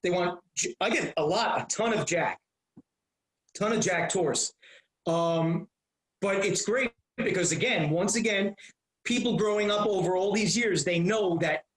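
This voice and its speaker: A man in his fifties, a comedian guest telling rambling, animated stories in a casual interview. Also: high voice, unhurried, echoey room, poor audio.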